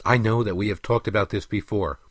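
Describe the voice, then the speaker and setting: A man reading the part of a stern, weary elf king who lectures his son in a firm, measured way. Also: lowish voice, fairly even intonation, no room sound, natural voice. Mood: earnest.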